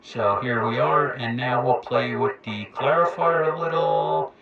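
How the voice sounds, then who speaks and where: A man's voice: mid-range voice, unhurried, creaky, lo-fi sound, a loud crowd. A man casually demonstrating a radio, talking through his settings and counting test words into the mic. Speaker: radio equipment reviewer. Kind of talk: casual demo talk.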